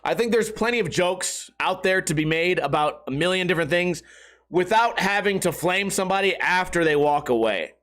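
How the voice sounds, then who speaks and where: Podcast host, male, high-pitched, profane and self-deprecating, loose rambling delivery. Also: expressive, normal speed, a bit bright. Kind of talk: casual podcast monologue.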